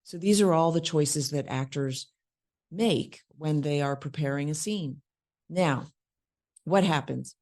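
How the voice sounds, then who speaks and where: Low-voiced woman teaching acting. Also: a little mellow. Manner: conversational, acts out lines mid-explanation. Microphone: worn microphone.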